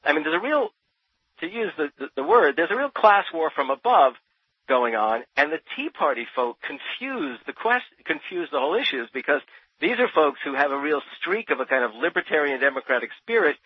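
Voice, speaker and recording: A New Jersey man appears as a radio interview guest and Thomas Paine expert, talking with passion and emphasis and often repeating words as he builds a point. His voice is fairly high with big pitch swings, a little fast and breathy, with no room sound. The radio audio is dull, dry and lo-fi.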